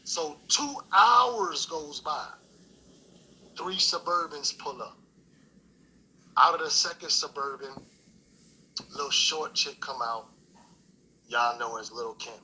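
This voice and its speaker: A man's voice: on the high side, slow pace, long pauses, bright, forceful tone, a little hiss or hum, rough recording. A middle-aged man telling a story in a laid-back, profane street style, full of fillers. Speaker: guest storyteller. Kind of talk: casual storytelling chat.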